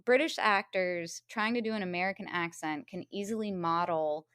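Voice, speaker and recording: A woman's voice: fairly low pitch, normal speed, a bit bright, clear, resonant tone, no echo. A woman co-hosts a film review podcast, laying out her theories in a casual, opinionated way and laughing as she goes. Her voice is recorded dry and close. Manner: opinionated, laughs between points. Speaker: podcast co-host.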